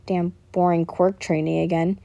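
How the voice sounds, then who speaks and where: A woman's voice: fairly low pitch, little pitch movement, moderate pace, dry recording, highs cut off, voice pushed down. A woman voicing a hot-tempered teenage boy hero student who grumbles and snaps insults. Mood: grumbling. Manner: gruff, grumbling, yells insults.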